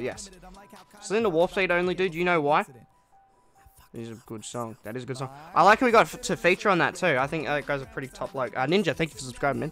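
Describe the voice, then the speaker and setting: A man's voice: on the high side, bright, forceful tone. A young man streaming a game live, chatting casually with viewers and answering their comments in an upbeat way. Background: faint music.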